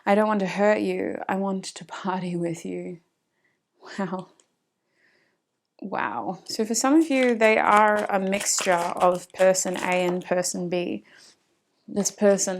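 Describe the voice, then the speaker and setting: A woman with an Australian accent giving a casual tarot reading, chatting to spirit and to her viewers and often laughing. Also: mid-range voice. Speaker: tarot reader.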